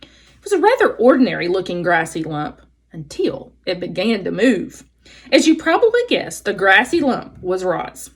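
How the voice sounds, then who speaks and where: A woman's voice: medium pitch, sing-song, normal speed, breathy edge. A woman teacher reading a children's novel aloud expressively, adding brief explanations for her listeners.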